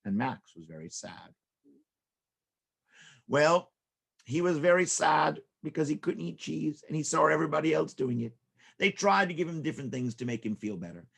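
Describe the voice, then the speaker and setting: A storyteller man spinning a silly children's tale with lively, rhythmic repetition and playful sound effects. His voice is gravelly and husky, at a middle pitch for a man.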